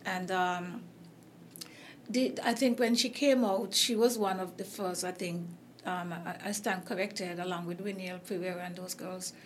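A woman's voice: lowish voice, fairly even intonation, moderate pace, a little hiss or hum. A woman with a Caribbean accent hosting a casual interview chat, rambling with many fillers and restarts while she is losing her voice. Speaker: host.

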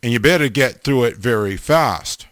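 A man's voice: mid-range voice, lively intonation, moderate pace, fairly bright tone, dry recording, studio quality. A man preaching a sermon, blunt and emphatic, stammering over restarts and repeating himself for stress.

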